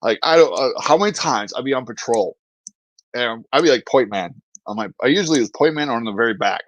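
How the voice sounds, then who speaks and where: A man's voice: medium pitch, animated, fairly quick, no room sound, lo-fi sound. A man hosting a podcast, chatting loosely and laughing as he tells a story with lots of fillers. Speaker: podcast host. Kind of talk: casual chat.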